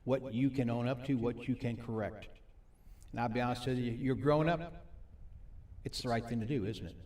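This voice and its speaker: A man preaching a sermon at a recovery ministry. He reads scripture slowly and asks the audience questions. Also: mid-range voice, darkish tone. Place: meeting hall with a live audience. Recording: echoey hall, mic from a distance.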